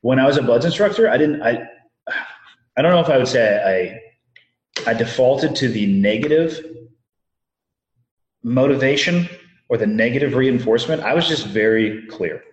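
A man calmly explaining as a guest, measured and precise. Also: medium pitch, lo-fi sound. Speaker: former dive instructor guest. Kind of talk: casual interview chat. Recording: echoey room.

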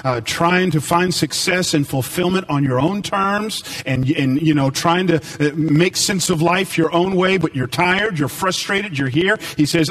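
A man preaching a sermon, animated and rising to emphatic peaks. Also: a little high, unhurried, few pauses, far from the mic, low-quality recording.

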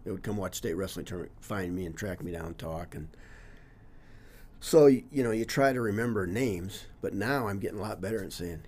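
Older coach, low husky voice, earnest and rambling, casual interview. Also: male voice, fairly quick, a little mellow. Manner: earnest and reflective, trails off with "you know, whatever". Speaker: longtime teacher and coach.

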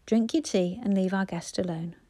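A woman's voice: mid-range voice, moderate pace, warm tone, dry recording, close to an everyday voice. A woman voicing a proud young mother who speaks politely but tartly. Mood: prim.

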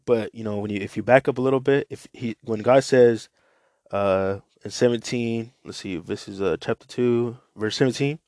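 Man, mid-pitched voice, casual Bible reading, rambling asides, dry close sound. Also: fairly even intonation, moderate pace, a little mellow, no room sound. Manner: loose, filler-heavy asides, many "you know"s. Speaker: Bible reader and teacher.

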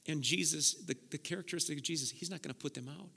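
A man's voice: on the high side, fast talker, creaky, sharp tone, husky. A man preaching a sermon with passion, often repeating words as he builds up. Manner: impassioned preaching, repeats words when worked up. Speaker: pastor. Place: church sanctuary. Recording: long reverb of a large hall.

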